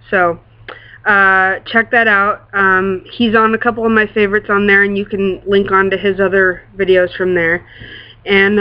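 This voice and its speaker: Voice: medium pitch, dull audio. An adult vlogger who works in a classroom, chatting casually to camera in a rambling, gushing way, full of fillers and casual swearing.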